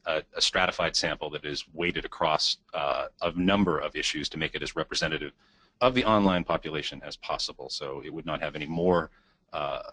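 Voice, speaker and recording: A man's voice: rumbling low, sharp tone, husky, no echo. A man hosting a webinar Q&A, reading out audience questions with dry humor. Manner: reads questions aloud, dry joking.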